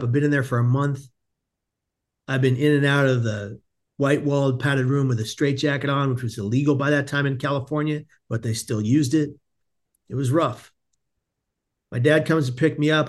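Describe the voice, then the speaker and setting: A man in his forties, a podcast guest, tells a personal story in an animated way, laughing often and restarting sentences. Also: mid-range voice.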